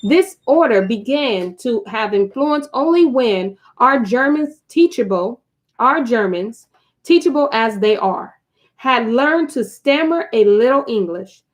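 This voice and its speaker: A woman's voice: fairly high pitch, expressive, unhurried. A woman hosting a casual live stream, reading a book aloud to her viewers, chatty and prone to digressions and asides.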